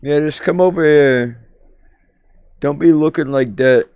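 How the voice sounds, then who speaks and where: A man's voice: fairly high pitch, measured pace, clear, resonant tone, dry recording, lo-fi sound. A man streaming a VR game, chatting casually, rambling and goofy with sing-song repetitions on a headset mic.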